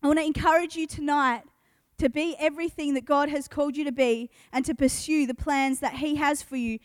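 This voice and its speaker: A woman's voice: high voice, fairly even intonation, a little fast, dry recording, clean studio sound. A woman giving a casual, earnest devotional talk to young people, full of "like" and "um" as she goes. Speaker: youth speaker.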